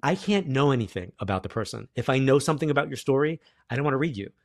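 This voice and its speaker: A man's voice: mid-range voice, quick pace, dry recording. Man telling a story in dry close sound. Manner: animated storyteller, acts out quoted dialogue. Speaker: guest psychic medium. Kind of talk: casual storytelling interview.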